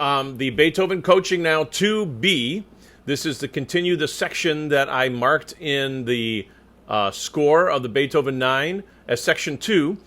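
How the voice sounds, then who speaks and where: A man with a bright, forward voice that sits a little high for a man coaches a choir section. He explains patiently and pronounces each word with care, speaking into a microphone indoors. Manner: clear, patient spoken instruction, careful diction. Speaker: choir conductor. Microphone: new microphone.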